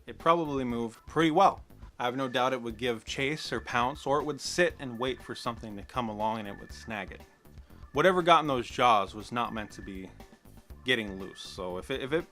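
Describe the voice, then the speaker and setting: A man's voice: mid-range voice, sharp tone. A man ranting through a sarcastic, profane film commentary, exasperated and incredulous. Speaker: movie commentator.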